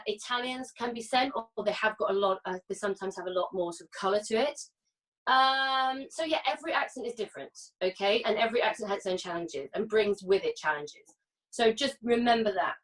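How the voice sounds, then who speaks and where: A woman's voice: mid-range voice, fairly bright tone, far from the mic, poor audio. A British woman coaching singers through a masterclass, chatty and often checking in with "yeah?" and "okay?". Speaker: vocal coach. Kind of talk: singing masterclass teaching.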